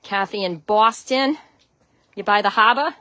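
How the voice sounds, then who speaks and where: A woman's voice: mid-range voice, measured pace, bright, forceful tone, dry recording. A woman from Connecticut with a Connecticut accent chats loosely through a phone livestream outdoors in her snowy chicken run. She greets her viewers one by one and laughs easily. She is a friendly, rambling host who keeps the talk going as she walks. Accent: Connecticut (American). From Connecticut, USA. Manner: chatty, greets viewers by name, laughs often. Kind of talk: casual live stream chat.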